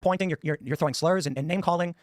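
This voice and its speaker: A man's voice: a little high, quick pace, no room sound, studio quality. A man in a heated debate, constantly interrupting and repeating the same accusations. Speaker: debate guest.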